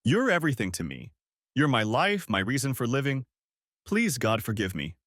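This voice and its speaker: A man's voice: medium pitch, sing-song, moderate pace, a bit bright, dry recording, studio quality. A man voicing a desperate, unfaithful wife who pleads tearfully with her husband in a storybook reading. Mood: begging.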